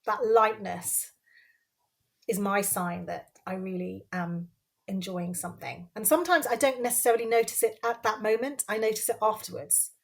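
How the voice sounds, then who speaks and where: A woman's voice: medium pitch, normal speed, gravelly. A woman guest on a podcast, speaking earnestly and repeating phrases for emphasis. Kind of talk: casual conversational interview.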